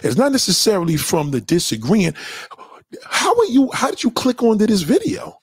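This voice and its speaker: Brief: young adult male streamer, husky, animated pitch, heated profane slang rant, dry close sound. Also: a little fast, no room sound. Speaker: livestream host answering chat. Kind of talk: casual livestream rant.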